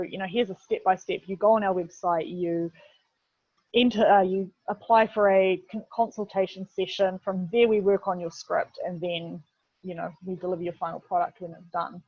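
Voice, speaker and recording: A husky, darkish medium-pitched voice belongs to a New Zealand woman who heads video production and is giving a casual webinar lesson. She talks in a chatty way, full of fillers and frequent "literally"s. The sound is dull, dry, lo-fi video-call audio without echo.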